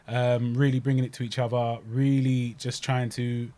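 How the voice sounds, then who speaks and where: A man's voice: mid-range voice, level tone, normal speed, dark tone. Rambling English man, casual fight chat. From England. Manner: rambling, repeats words, says "innit". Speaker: podcast co-host.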